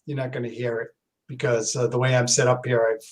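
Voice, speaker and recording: A man reminisces on a live stream in a mid-pitched voice, wandering through old memories. He stumbles and restarts, keeping the flow easy. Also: little pitch movement, brisk. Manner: rambling, fond of nostalgia, stumbles and restarts. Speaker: regular co-host. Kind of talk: casual chat. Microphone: headphones with a computer mic on a call.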